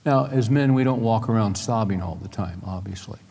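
A middle-aged man preaching a sermon to a room full of people, moving between emphatic points and quiet personal stories. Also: fairly low pitch, fairly quick. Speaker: pastor. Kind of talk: sermon to a live audience. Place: large room with an audience. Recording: long hall reverb.

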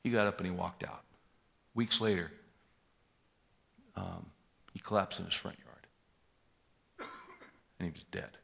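A man's voice: low voice, takes it slowly, creaky, long pauses, fairly bright tone, breathy edge. A man in his sixties preaching a sermon, telling a story and acting out a tense confrontation with rising force. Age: 60s. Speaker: pastor.

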